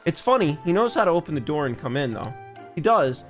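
A man's voice: on the high side, big pitch swings, a little fast, soft background music. A young man giving goofy, rambling let's-play commentary from his home office, often stumbling over his words. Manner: goofy, rambling, self-aware jokes, frequent stammered restarts. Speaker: gaming YouTuber.

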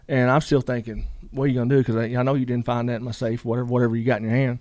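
A man's voice: mid-range voice, little pitch movement, racing, darkish tone, dry recording. A middle-aged man, telling a story casually in a rambling way, full of fillers and quoted dialogue. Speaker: guest.

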